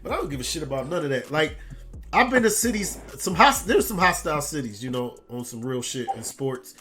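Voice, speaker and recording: Loud, swearing man telling stories. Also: a little high, brisk. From Detroit area. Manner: animated storyteller, swearing, loudly imitating callers. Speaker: podcast host. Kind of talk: casual chat.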